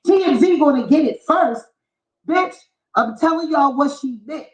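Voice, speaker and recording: A woman's voice: high voice, animated, moderate pace. A woman vlogger delivering a heated, mocking, profanity-filled commentary rant. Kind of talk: ranting commentary vlog. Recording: echoey, dull lo-fi room sound.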